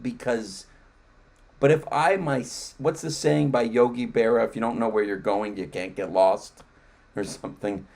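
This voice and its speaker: A man's voice: mid-range voice, moderate pace, vocal fry. A man hosting a podcast in casual conversation, telling stories with lots of restarts. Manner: animated storytelling with many restarts. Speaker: podcast host.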